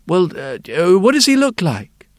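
A man voicing a kindly sculptor who speaks gently and keeps stumbling over his words. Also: high voice, wildly swooping pitch, no room sound, studio quality, pitched above the performer's own voice. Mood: puzzled. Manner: gentle, halting with ums and restarts. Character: kindly, hesitant middle-aged male sculptor. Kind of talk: storytelling.

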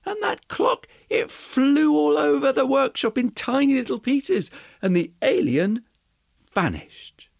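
Slow, lively storyteller. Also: sits high, creaky, dry recording, clean studio sound. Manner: slow, animated, expressive. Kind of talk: storytelling for children.

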